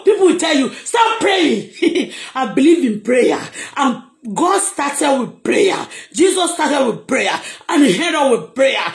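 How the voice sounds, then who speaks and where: A Nigerian woman preaches and prays at full voice, emotional and insistent, switching between English and Yoruba. Her voice has a gravelly edge. The sound carries a roomy echo. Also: high voice. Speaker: livestream host preaching. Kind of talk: fervent prayer and preaching.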